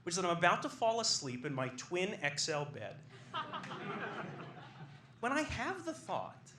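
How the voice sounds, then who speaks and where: Animated young man telling a story on stage. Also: high voice. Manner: animated, rising to excited bursts. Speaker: stand-up storyteller. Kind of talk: live comedic storytelling. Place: comedy club stage with audience. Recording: echoey live room, faint background noise.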